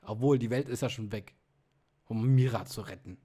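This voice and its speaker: A man's voice: medium pitch, normal speed, warm tone, slightly rough. Guy ranting over gameplay. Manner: casual, frustrated, swears, mutters. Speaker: let's player. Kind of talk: gameplay commentary.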